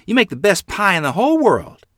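A man voicing an eager, excitable young farm boy who shouts high and loud. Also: fairly quick, no echo, studio quality, full character voice. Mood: eager pleading.

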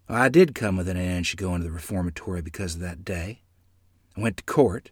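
A man narrating a memoir in the first person with a dramatic, expressive delivery. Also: low voice, quick pace, breathy edge, dry recording, studio quality.

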